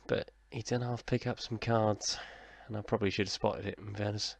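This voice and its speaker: Gravelly man commentating his game. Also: fairly low pitch, steady tone, normal speed, no echo. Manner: chatty, self-deprecating, mock commentator, talking to himself. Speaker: gaming YouTuber. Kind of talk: casual let's-play commentary.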